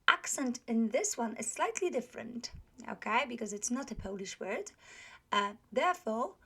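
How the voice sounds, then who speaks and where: A woman teaching a pronunciation lesson, modelling words slowly and checking with the learner often. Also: mid-range voice, vocal fry, a bit bright. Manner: slow, patient, drawn-out model words; many fillers and checks for understanding. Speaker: language teacher.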